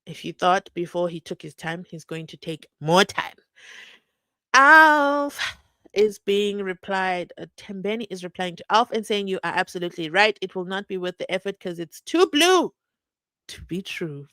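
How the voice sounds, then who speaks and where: A woman hosting a true crime channel, chatting casually and reading out viewer comments, animated and teasing, laughing often. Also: on the low side, normal speed, no room sound. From South Africa.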